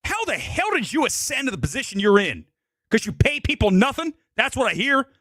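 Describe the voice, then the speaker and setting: A man's voice: very high voice, very animated, a little fast, sharp tone, no room sound, studio quality. A man hosting a live movie show, delivering an angry, profanity-laced rant at a producer. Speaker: movie podcast host. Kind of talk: live-streamed film rant.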